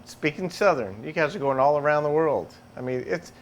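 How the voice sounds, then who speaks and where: A man moderates a panel, feeling his way through his questions with restarts. His voice sits a little high, with faint noise behind it. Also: lively intonation, a little fast.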